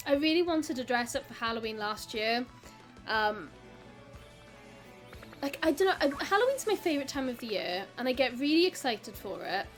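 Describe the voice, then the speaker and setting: A woman's voice: high-pitched, sing-song, normal speed, soft background music. A young Welsh woman from South Wales chatting casually with her live stream audience, giggly and full of "like".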